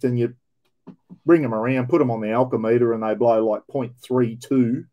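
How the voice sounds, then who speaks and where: A man's voice: mid-range voice, steady tone, moderate pace, warm tone. A man with an Australian accent, a former police officer, telling blunt, profane stories with plenty of slang in a casual reaction commentary.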